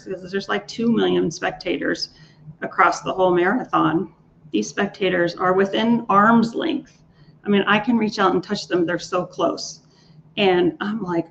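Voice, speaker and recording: In an interview, a woman who coaches leaders tells stories about clients and marathons, full of enthusiasm and often starting her words over. Her gravelly voice is fairly low and fairly even in intonation, at normal speed. The audio sounds dull and lo-fi, with a bit of faint noise.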